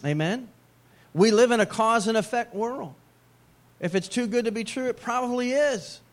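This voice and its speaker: A man's voice: extremely high pitch, moderate pace. A middle-aged man preaching a sermon as a pastor, in a conversational way with joking asides.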